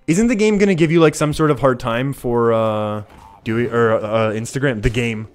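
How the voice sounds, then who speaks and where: A man's voice: medium pitch, moderate pace, clear, resonant tone. Chatty Canadian man streaming a card game. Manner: chatty, laughs often, reads out chat. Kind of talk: live gameplay commentary. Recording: faint music behind.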